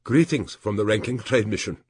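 A man's voice: fairly low pitch, normal speed, breathy edge, dry recording, clean studio sound, voice pushed up. A man voicing a fretful male trade official who talks in clipped, formal phrases.

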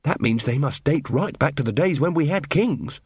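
A man's voice: on the high side, animated, moderate pace, a little mellow, breathy edge, dry recording, studio quality. A man doing an earnest young watch captain. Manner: earnest and sincere.

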